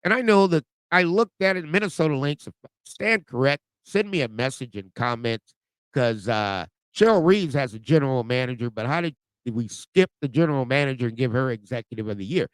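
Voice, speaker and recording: A man's voice: medium pitch, expressive, fairly quick, clean tone, no room sound, poor audio. A man hosting a podcast, delivering a passionate sports commentary monologue with emphatic rhetorical questions. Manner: passionate, emphatic, repeats "okay?" and "right?". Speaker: podcast host.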